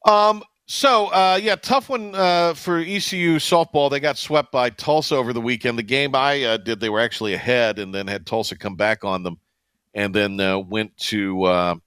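A man hosting a casual sports radio show, talking in a rambling, halting way with many fillers and restarts. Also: medium pitch, fairly bright tone, clean tone, no room sound.

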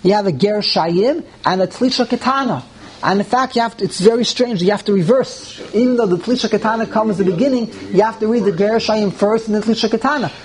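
A man teaching a Torah lesson to a live class. He asks rhetorical questions, restarts phrases while thinking aloud and climbs higher in pitch when he stresses a point. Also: brisk, rough recording.

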